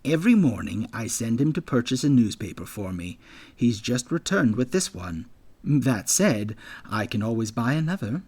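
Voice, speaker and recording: A man voicing an elderly, genteel male rat doctor who speaks in a slow, friendly and knowing way. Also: mid-range voice, very animated, a little mellow, breathy edge. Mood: kindly.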